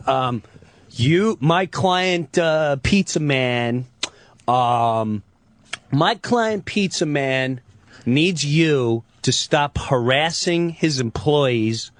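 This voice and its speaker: Man doing a bumbling, halting lawyer. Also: mid-range voice, dry recording, close to an everyday voice. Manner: slow, halting, full of ums. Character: bumbling halting male small-time lawyer.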